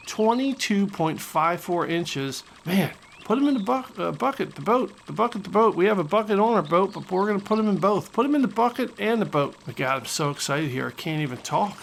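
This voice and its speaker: A man hosting a video game channel, commentating gameplay with excitable, joking trash talk, over guitar music. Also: high voice, gravelly. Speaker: gaming channel host.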